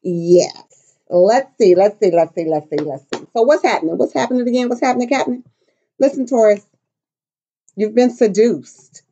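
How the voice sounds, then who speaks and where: A woman's voice: mid-range voice, moderate pace, mellow, breathy edge, lo-fi sound. A middle-aged woman giving a casual tarot reading, brash and profane, clowning around with silly voices and bits of song. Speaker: tarot reader.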